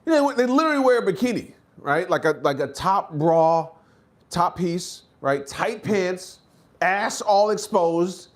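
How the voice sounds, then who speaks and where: A man doing a stand-up comedy set, acting out characters in high shouted voices and dropping to low mutters between bits. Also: animated, unhurried.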